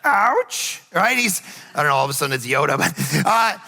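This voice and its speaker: A middle-aged male pastor preaching a sermon in a casual, conversational way, telling stories and acting out quick asides. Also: a little high, creaky. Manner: conversational, animated storytelling with acted asides. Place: church sanctuary. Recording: reverberant church hall.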